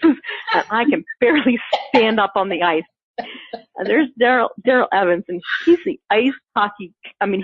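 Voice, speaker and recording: A woman telling a funny personal story in casual chat, animated and laughing often, acting out the quotes. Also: mid-range voice, breathy edge, dry recording. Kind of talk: casual anecdote. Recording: phone-like narrow sound.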